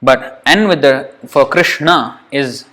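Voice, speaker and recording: Teacher, male, mid-pitched, informal lesson pace, repeats syllables patiently. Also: sharp tone. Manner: repeats sounds slowly, thinks aloud, chuckles. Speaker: Sanskrit pronunciation teacher. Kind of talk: informal lesson drilling sounds.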